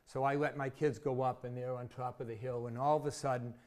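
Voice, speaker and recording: His pitch stays medium and barely moves, the tone darkish, the pace a little fast. The man, a sixty-something former Massachusetts teacher, is a chatty interview guest sharing vivid stories with self-deprecating humor.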